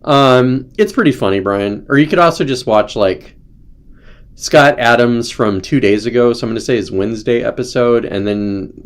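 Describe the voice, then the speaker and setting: A man's voice: mid-range voice, moderate pace. A young man hosting a casual livestream, rambling through commentary with sarcasm and mocking put-on voices. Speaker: host.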